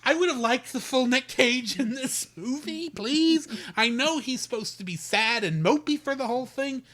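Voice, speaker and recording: Bright-voiced man reviewing a movie. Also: extremely high pitch, moderate pace. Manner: eager, talks over his partner. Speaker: podcast co-host. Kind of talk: casual movie review chat.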